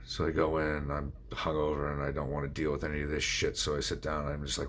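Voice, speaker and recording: A man's voice: very deep voice, flat delivery, quick pace, hardly any pauses, a bit bright, a little hiss or hum. A middle-aged man telling his own story of addiction in a blunt, confessional way, swearing freely. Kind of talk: candid personal storytelling.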